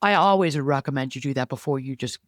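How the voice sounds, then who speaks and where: A woman's voice: rumbling low, quick pace, no echo, studio quality. A woman co-hosting a podcast, giving frank relationship advice in casual conversation and acting out what to say. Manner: animated, acts out quoted lines. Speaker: podcast co-host.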